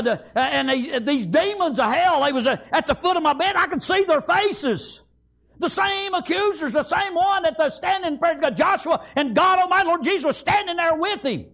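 A man giving a fervent sermon testimony, swinging from shouts to hushed tones and repeating phrases. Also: extremely high pitch, creaky.

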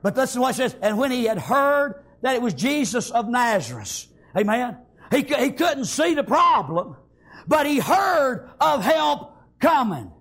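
Male preacher, very high voice with a lively swooping pitch, shouts and chants his sermon. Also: moderate pace. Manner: shouting, sing-song preaching with frequent amens.

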